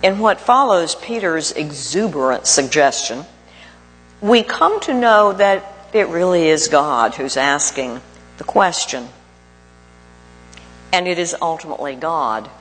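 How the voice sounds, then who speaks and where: A male preacher delivers his sermon at an unhurried, measured pace, leaning on pauses for emphasis. His voice rings out with a long reverb, as in a large hall. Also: high-pitched, expressive, fairly bright tone, soft background music.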